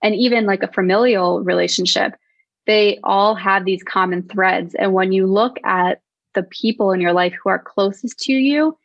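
A woman's voice: mid-range voice, creaky, no room sound. Young woman podcast co-host, thoughtful, filler-heavy chat, close dry muffled mic. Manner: reflective, talks slowly with many likes and ums.

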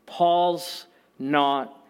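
A man's voice: fairly high pitch, steady tone, very slow, clean tone. A man preaching a sermon in a conversational way, telling personal stories with humor and repeating key phrases for emphasis. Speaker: pastor.

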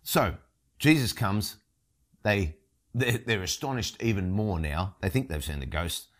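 Animated male preacher. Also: on the low side, unhurried. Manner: expressive, emphatic storytelling. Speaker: pastor. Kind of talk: sermon.

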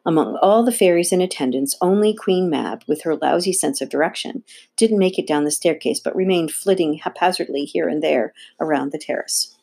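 A woman reading a children's novel aloud with steady, expressive narration. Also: sits low, fairly quick, creaky, breathy edge. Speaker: audiobook reader. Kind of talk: read-aloud storybook narration.

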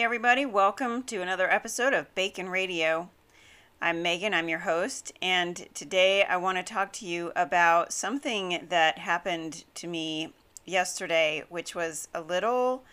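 A woman hosting a talk podcast, telling a story in a relaxed, unhurried way with a bright, clear tone. She chats freely, laughs often and fills her pauses with little fillers. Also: lowish voice. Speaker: podcast host. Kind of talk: casual storytelling monologue; scripted show intro.

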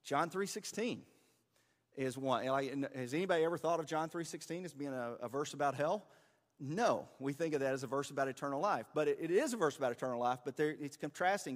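A man's voice: mid-range voice, in a large hall. A man teaching a church class in a conversational, explaining way, with fillers and restarts. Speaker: pastor or teacher.

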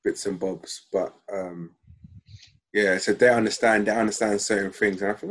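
A man's voice: on the low side, steady tone, normal speed. A man in a laid-back, emphatic casual chat.

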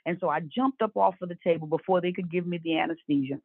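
A woman's voice: on the low side, fast, dry recording. A woman in her fifties tells her faith story earnestly as a guest, slipping into the voices of the people she quotes. Her voice comes over a tinny, phone-like line. The sound is dry, with no room around it. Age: 50s. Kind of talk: personal faith testimony.

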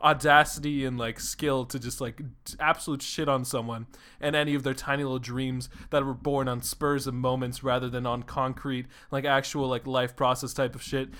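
A young man hosting a solo podcast who talks in an excited, rambling way, swears freely and fills his talk with "like". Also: mid-range voice, normal speed. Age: young adult. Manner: excitable, rambling, swears a lot, says "like" often. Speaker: podcast host. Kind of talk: casual solo podcast monologue.

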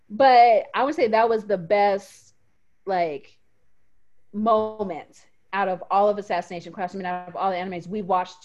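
A woman co-hosting a podcast, casually and emotionally retelling favorite moments with lots of fillers. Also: mid-range voice. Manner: animated, emotional storytelling with fillers. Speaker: podcast co-host. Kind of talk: casual chat. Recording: muffled lo-fi audio.

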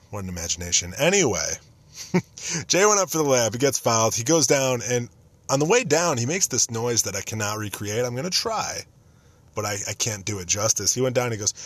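This young podcast host tells casual stories about a friend, cracking self-mocking jokes in a nostalgic mood. His mid-range voice is expressive, a bit bright and a little fast, captured in a dry recording.

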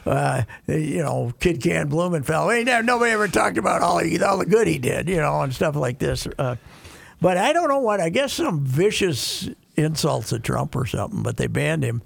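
A man's voice: a little high, very animated, normal speed, gravelly, husky, dry recording. An older man chatting casually as co-host, rambling with frequent restarts. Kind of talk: casual chat.

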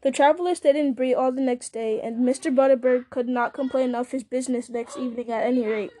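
A woman reading a novel aloud, steady, with small slips and restarts. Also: sits high, brisk, a little hiss or hum. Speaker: audiobook reader.

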